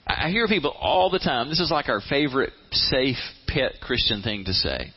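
A pastor with a mid-range, breathy-edged voice preaches a conversational, plain-spoken sermon at normal speed, very animated. He often repeats words and acts out people's inner voices, and the recording is slightly muffled and lo-fi.

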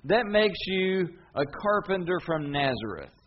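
A preacher's take on a grumbling crowd, whiny and pushy, sarcastic with every line. The voice sits higher and louder, with a slightly dull recording and faint hum. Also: male voice, expressive, normal speed, close to an everyday voice.

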